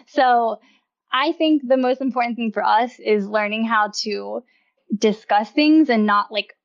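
A young woman chats as a podcast guest, rambling warmly with constant "like" fillers and frequent laughter. Her voice sits a little high. The recording sounds slightly dull and muffled. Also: slow pace. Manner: chatty, laughs often, heavy use of "like". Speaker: podcast guest, wellness writer. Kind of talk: casual interview chat.

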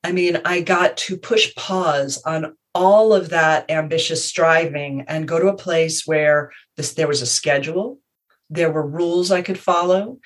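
A woman guest speaking in a measured, reflective way, telling personal stories in a conversation. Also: on the low side.

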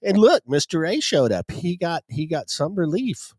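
A man's voice: on the high side, very animated, normal speed, a little mellow, no echo. A man co-hosting a comedy podcast, giggly and greeting viewers by name in casual chat. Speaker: podcast co-host.

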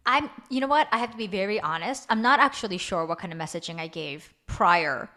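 A woman in her thirties co-hosting a podcast, telling a family story in a casual, animated way. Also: medium pitch, fairly quick. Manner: animated storyteller, acts out quoted voices. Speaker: podcast co-host.

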